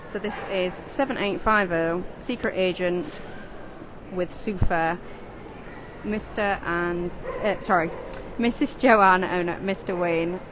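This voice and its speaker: A woman's voice: on the low side, takes it slowly, background noise. A woman with a Sheffield accent, commenting from the ringside and reading out dog numbers and owners' names in a casual way. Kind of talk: live dog show commentary.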